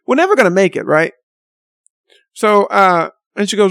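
Gravelly older man, rambling exasperated storyteller. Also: high voice, animated, fairly quick, no echo, clean studio sound. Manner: rambling, exasperated, sardonic asides. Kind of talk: rambling personal anecdote.

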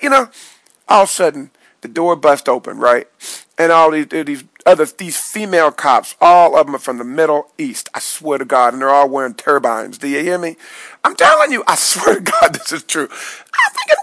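A man telling a wild dream story as a casual vlog monologue, excitable and swooping between high yelps and low mutters, in a small dry room. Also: normal speed, vocal fry, no room sound, rough recording. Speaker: vlogger recounting a dream.

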